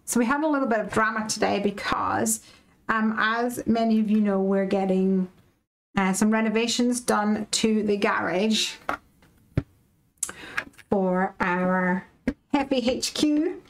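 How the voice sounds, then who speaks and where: A woman's voice: mid-range voice, a little slow, pauses often, a little hiss or hum, poor audio. A woman from the UK hosting a live craft stream, chatting casually and animatedly with viewers and reading out their comments.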